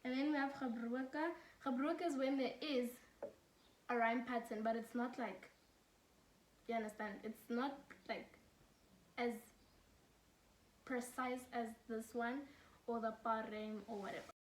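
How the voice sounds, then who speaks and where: A woman's voice: a little high, steady tone, unhurried, long pauses, slight background noise. A young woman from South Africa giving casual study tips, chatty and laughing, mixing English with Afrikaans. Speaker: student tutor. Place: home room during load shedding. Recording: echoey room, mic at a distance.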